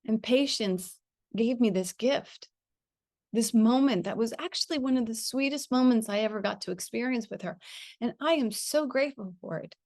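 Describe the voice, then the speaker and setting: A middle-aged woman telling a personal spiritual story. She talks in an earnest, reflective way with gentle pauses and frequent small laughs. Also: a little high, no room sound, clean studio sound. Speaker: spiritual teacher.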